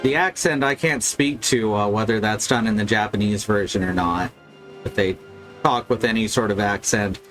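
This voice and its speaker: A man's voice: on the low side, normal speed, a bit bright, faint music behind. A man streaming a video game live, commenting casually and wryly. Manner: casual, wry, critical.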